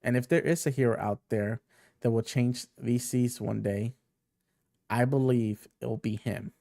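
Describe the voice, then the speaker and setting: A man voicing a huge, gentle male warrior, reading his lines aloud softly and earnestly from a comic. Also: medium pitch, a little slow, vocal fry, no echo, studio quality. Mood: tender.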